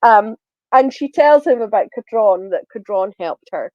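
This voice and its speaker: A woman's voice: medium pitch, lively intonation, normal speed, no echo, highs cut off. A woman podcast co-host recapping a TV episode in casual chat, retelling scenes with many ums and acting out the lines.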